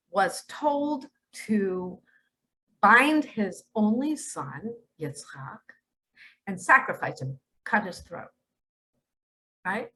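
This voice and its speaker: The audio is poor, but a woman with a fairly high voice can be heard as a spiritual teacher. She delivers an emphatic religious monologue marked by sudden jumps between loudness and a hush.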